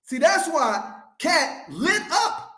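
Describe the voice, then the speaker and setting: A man's voice: very high voice, big pitch swings, slow, bright, forceful tone, roomy sound. A male financial coach hosting his show, delivering a fiery, profane motivational rant with a preacher-like cadence. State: fired up.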